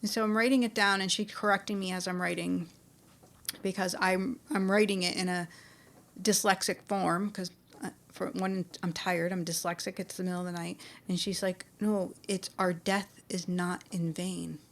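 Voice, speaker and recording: A woman's voice: on the low side, level tone, moderate pace, a bit bright. A middle-aged woman telling a personal spiritual story in a loose, conversational way, with many restarts and fillers. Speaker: spiritual speaker.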